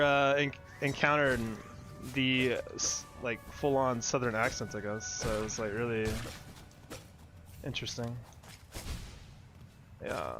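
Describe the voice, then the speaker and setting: Young guy streaming, rambly and laughy, swears a bunch, faint game music underneath. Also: medium pitch. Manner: rambling, laughing, filler-heavy, swears casually. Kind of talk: casual gameplay commentary.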